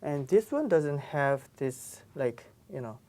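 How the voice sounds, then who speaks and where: A woman's voice: a bass voice, expressive, slow, mellow. A woman teaching pronunciation in a classroom lesson, patiently repeating each sound. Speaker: Korean language teacher.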